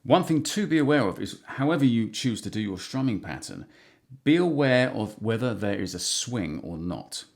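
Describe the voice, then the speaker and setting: A man teaching guitar strumming patterns, relaxed and counting beats aloud as he plays. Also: fairly low pitch, normal speed, gravelly. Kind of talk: instructional guitar lesson. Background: acoustic guitar strumming.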